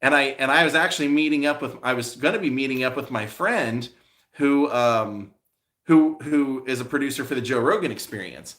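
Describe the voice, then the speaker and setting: A man talking loosely to his live-stream audience at a middle pitch, the way a vlogger catches up with regular viewers. His stories ramble and double back on themselves. He trips over his own starts before he gets to the point. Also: fairly quick, a bit bright. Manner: rambling storyteller with many restarts and fillers. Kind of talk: casual live-stream chat answering viewers.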